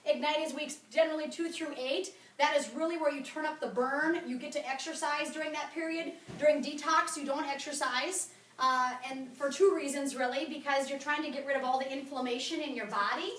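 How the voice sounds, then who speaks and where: Chatty high-voiced woman coaching a room. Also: fairly quick. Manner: energetic, chatty, blunt. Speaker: wellness coach presenter. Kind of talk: sales presentation to a group. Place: meeting room with an audience. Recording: roomy, from far off.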